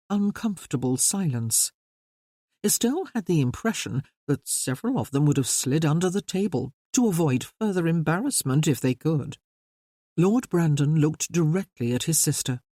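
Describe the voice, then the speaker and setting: A narrator reading a period romance novel aloud with an expressive delivery. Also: medium pitch, dry recording, studio quality. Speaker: audiobook narrator.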